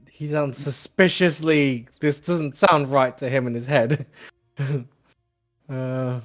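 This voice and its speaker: A man's voice: mid-range voice, steady tone, slow pace, soft background music. A man playing a tabletop game, chatting casually with the game master. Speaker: player.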